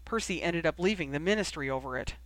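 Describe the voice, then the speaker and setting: A reader voicing a grim, short-tempered young man who speaks tersely, low and rapid when delivering bad news. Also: animated, a bit bright, no room sound, lightly acted.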